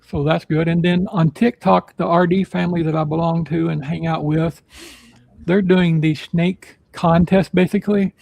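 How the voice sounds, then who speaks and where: High gravelly guy hosting a chill podcast, rambles a lot, dry sound. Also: fairly even intonation, moderate pace, a little mellow, no echo, low-quality recording. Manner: rambling, filler-heavy announcements. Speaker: podcast host. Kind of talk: casual live podcast chat.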